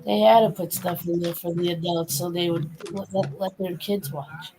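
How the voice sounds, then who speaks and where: A woman's voice: on the low side, fairly even intonation, moderate pace, dark tone, slight background noise, poor audio. A woman on a casual live stream, telling stories animatedly and acting out cartoon lines.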